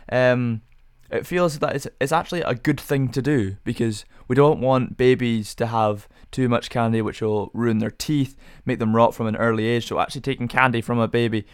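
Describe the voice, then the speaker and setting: A man's voice: mid-range voice, clean tone, no echo, clean studio sound. A young man hosting a casual solo podcast, rambling through rhetorical questions with self-amused musing. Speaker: podcast host.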